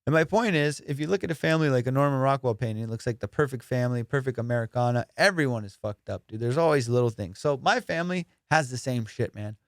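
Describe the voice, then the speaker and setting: This podcast host is a young adult man who grew up abroad as an immigrant, speaking at medium pitch, fast and with hardly any pauses. The studio sound is clean with no room sound. His comic storytelling is casual, profane and animated, and he voices both people in every dialogue.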